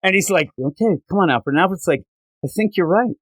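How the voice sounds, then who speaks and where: A man's voice: sits high, animated, brisk, no echo. A man co-hosting a podcast, casually retelling comic book scenes and acting out the characters' lines. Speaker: podcast co-host.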